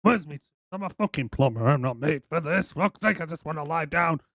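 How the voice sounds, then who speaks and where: A man's voice: a little high, expressive, brisk, fairly bright tone, dry recording, studio quality. A man putting on a grumpy, moaning middle-aged plumber who grumbles and swears, as a podcast bit. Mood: grumbling.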